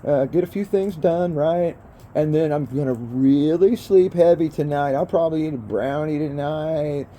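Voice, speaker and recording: A man's voice: fairly high pitch, normal speed, dark tone, a little hiss or hum. An older man, rambling profanely in a casual vlog from outdoors by a fire, calling the viewer bro and man. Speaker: vlogger.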